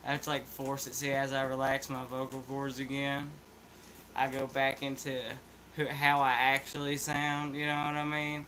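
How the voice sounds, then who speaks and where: A man's voice: mid-range voice, monotone, normal speed, sharp tone, a little hiss or hum, low-quality recording. A man with an Appalachian accent chatting in a laid-back, rambling, slangy way as a vlog host. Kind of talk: casual chat vlog.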